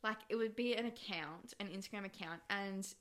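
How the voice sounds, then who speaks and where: A woman's voice: medium pitch, a little fast, fairly bright tone. A woman in her twenties hosting a podcast, chatting casually, swearing freely and laughing often. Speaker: podcast host. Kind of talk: casual chat.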